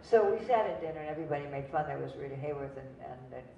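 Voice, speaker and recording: This older actress talks very fast in a low, gravelly, warm and expressive voice, spinning digressive anecdotes for a cinema audience and laughing at her own jokes. The venue recording is distant, roomy and lo-fi, with slight background noise.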